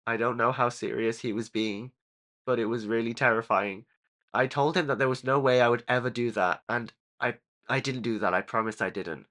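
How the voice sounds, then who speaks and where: A young man in his late teens telling a personal story in a video, hesitant and apologetic, with halting restarts. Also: medium pitch, steady tone, fairly bright tone. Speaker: YouTuber.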